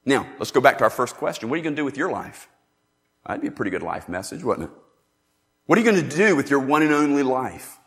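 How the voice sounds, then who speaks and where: A man preaching a sermon, emphatic and animated, acting out the scripture he quotes. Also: medium pitch, fast talker, gravelly. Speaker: pastor. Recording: long reverb in a large hall.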